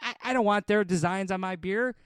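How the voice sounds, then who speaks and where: A man's voice: high voice, brisk, fairly bright tone, smooth, dry recording, clean studio sound. A man co-hosting a podcast, arguing back in casual banter, swearing and filling gaps with "like" and "you know". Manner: argumentative, profane, uses many fillers. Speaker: podcast co-host.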